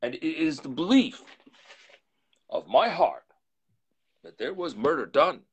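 A man voicing a frightened old butler, husky and pleading. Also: a little high, sing-song, takes it slowly, voice pushed up, heavily acted. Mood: urgent. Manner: urgent, pleading, with whispered asides. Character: frightened loyal older male butler. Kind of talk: live storytelling reading.

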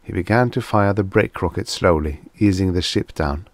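A man reading vintage science fiction as an audiobook narrator, in a steady, even storytelling manner. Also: low-pitched, moderate pace, dry recording. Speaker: audiobook reader.

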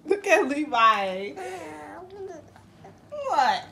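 A woman's voice: high-pitched, sing-song, extremely slow, sharp tone. A woman hosting a casual family vlog, playful and often laughing. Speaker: vlog host and mother.

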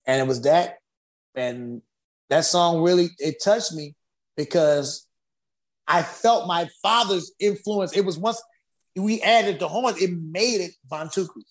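Man, guest, animated storyteller, slightly raised pitch, acts out voices, laughs a lot. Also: slow pace, pauses often. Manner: acts out dialogue and vocalizes drum rhythms; laughs often. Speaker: guest musician.

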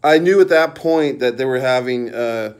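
A man's voice: mid-range voice, normal speed, clean tone. A middle-aged man ranting about pro wrestling in an angry, profane, mocking monologue. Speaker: wrestling commentary vlogger.

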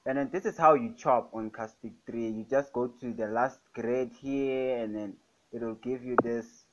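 A man's voice: medium pitch, a little slow, muffled recording, noisy background. Upbeat young man hyping his beats. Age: young adult. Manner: enthusiastic, repeats "fire, guys". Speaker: music production tutor. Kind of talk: casual screen-recorded tutorial. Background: loud music playing.

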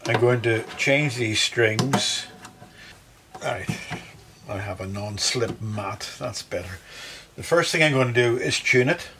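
A man's voice: medium pitch, slow pace, background noise. A middle-aged man working as a luthier, chatting through each step of a guitar setup in his workshop. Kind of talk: workshop demonstration to camera.

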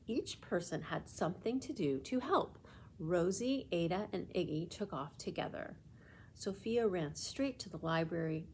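Gentle woman reading a children's book. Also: on the low side, a little hiss or hum. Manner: clear, gentle storytelling. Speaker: librarian. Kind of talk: children's book read-aloud.

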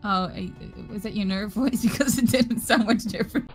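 A woman's voice: medium pitch, normal speed, raised voice, soft background music. A young adult woman playing as a guest in casual gameplay banter, giggling often. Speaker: guest co-player.

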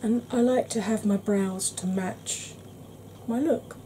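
A woman talks softly and gently through an ASMR makeup tutorial, calling her viewers "darling" as she works. Her voice has a mellow, relaxed tone at a middle pitch. A faint hiss sits under the recording. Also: slow pace. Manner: chatty, gentle, dotted with "darling". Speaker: beauty vlogger.

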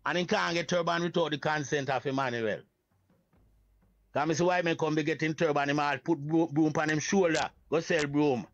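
A Jamaican man speaks as a Rastafari priest, high in pitch and full of animated emphasis. His talk is casual reasoning in patois. The sound is muffled and close, with no room echo. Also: normal speed.

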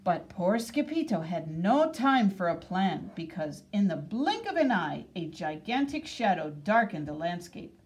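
A woman reading a picture book aloud for kids, expressive and sprinkled with playful Spanish words. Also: fairly low pitch, a little slow, hardly any pauses. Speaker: reader.

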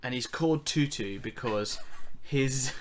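A young man co-hosting a podcast, chatting casually and laughing as he breaks into quick character impressions. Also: mid-range voice, slight background noise. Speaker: podcast co-host. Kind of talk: casual chat.

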